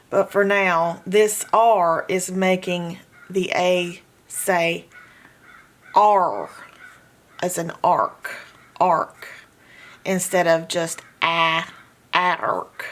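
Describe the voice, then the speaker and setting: Woman, reading teacher, very slow delivery, patient, stretches out letter sounds. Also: lowish voice, flat delivery. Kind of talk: slow phonics lesson with drills.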